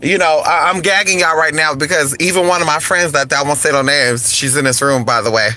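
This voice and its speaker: A woman's voice: low-pitched, brisk, bright, forceful tone. Sassy woman calling everyone honey. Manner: sassy, campy, drawling "honey" and "girl" asides. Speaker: spiritual talk host. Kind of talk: casual spiritual talk with singing along to music. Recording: faint music behind.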